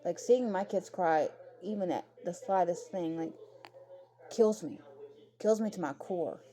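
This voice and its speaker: A woman's voice: lowish voice, measured pace, mellow. A young adult woman talking bluntly and emotionally in a casual commentary rant, swearing freely. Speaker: commentary vlogger.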